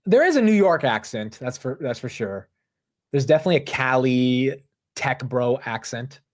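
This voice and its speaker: A young man hosting a stock market livestream, talking casually in a rambling, animated way and saying "bro" and "dude" a lot. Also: mid-range voice, normal speed.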